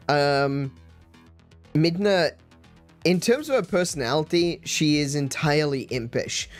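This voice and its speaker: Stammering stream host, faint music. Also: mid-range voice. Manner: stammering restarts, laughs often. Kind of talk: casual chat on a stream.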